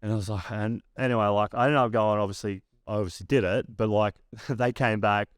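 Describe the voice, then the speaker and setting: Laid-back Australian man, low and smooth. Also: fairly even intonation, brisk, no echo, studio quality. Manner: laid-back, heavy swearing, lots of "like" fillers. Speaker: podcast guest, former pro basketballer. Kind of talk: casual storytelling interview.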